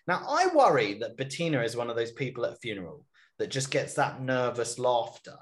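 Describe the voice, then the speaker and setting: A man hosting a podcast, recapping a reality show episode in a wry, casual storytelling way. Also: mid-range voice. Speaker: podcast host.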